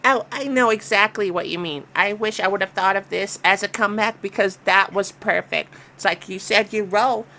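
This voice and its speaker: A woman co-hosting a casual reaction chat, conversational and quick to agree and riff on the stories. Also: medium pitch, bright, forceful tone.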